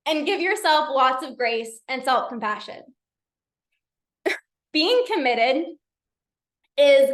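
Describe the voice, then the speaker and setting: A woman's voice: sits high, animated, slow, long pauses, reverberant. A woman coaching a live online masterclass, earnest and repetitive, laughing easily.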